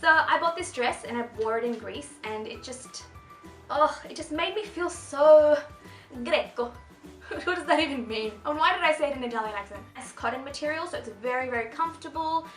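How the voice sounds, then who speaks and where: A bright, high-pitched young woman in her twenties chats her way through a clothing haul, bubbly and rambling. Her voice is picked up by a camera mic in a roomy, echoing space, with faint music playing underneath. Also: expressive, fast talker. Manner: bubbly, chatty, rambling with many asides. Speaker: fashion vlogger. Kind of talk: casual shopping haul chat.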